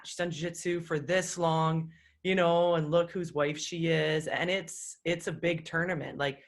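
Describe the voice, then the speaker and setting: A woman's voice: lowish voice, a bit bright. A woman hosting a podcast, asking curious questions in a casual, chatty way. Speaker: podcast host. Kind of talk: casual interview.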